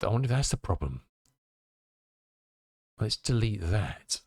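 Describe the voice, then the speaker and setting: A man's voice: fairly low pitch, big pitch swings, a little slow, husky, dry recording, studio quality. A male streamer chatting casually with his viewers, muttering to himself as he tinkers and answering chat messages.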